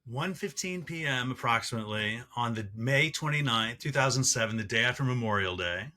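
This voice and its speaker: A man speaking as a podcast guest in casual interview talk, halting and reflective with many fillers. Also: mid-range voice, expressive, pushed and bright.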